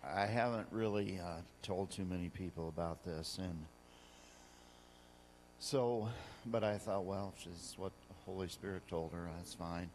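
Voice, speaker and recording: Deep-voiced man, slow, hesitant testimony. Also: a little mellow, slight background noise. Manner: slow, reluctant, hesitant with fillers. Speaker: husband sharing a testimony. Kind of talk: personal testimony in a church talk.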